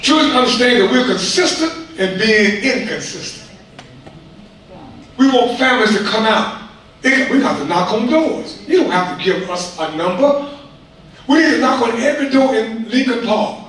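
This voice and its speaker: A man's voice: very high voice, expressive, moderate pace, a bit bright. A man giving an impassioned, preachy public comment to a school board, repeating himself in colloquial speech. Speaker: community speaker addressing a school board. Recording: echoey hall from far off, faint noise.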